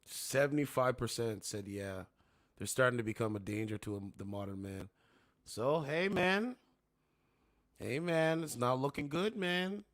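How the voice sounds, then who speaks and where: A man's voice: medium pitch, measured pace, no room sound. A man hosting a casual livestream from his home studio, rambling and repeating "you know what I'm saying". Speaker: livestream host. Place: home studio with two monitors.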